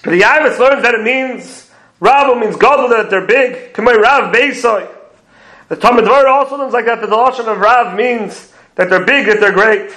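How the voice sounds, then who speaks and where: Very high-pitched male Torah teacher, methodical explainer, roomy echo. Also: normal speed, sharp tone. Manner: explains commentaries step by step, quoting Hebrew phrases. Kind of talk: prayer commentary lecture.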